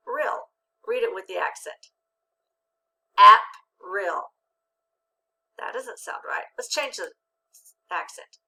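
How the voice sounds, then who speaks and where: A woman teacher giving a patient, encouraging phonics lesson, sounding out syllables slowly and clearly. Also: medium pitch, a bit bright, low-quality recording.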